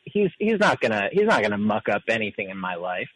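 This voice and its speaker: A man's voice: fairly low pitch, sing-song, brisk, fairly bright tone, low-quality recording. A man calling in to a talk show, talking in a hesitant, stammering, easygoing way. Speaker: caller. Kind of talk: casual phone-in chat.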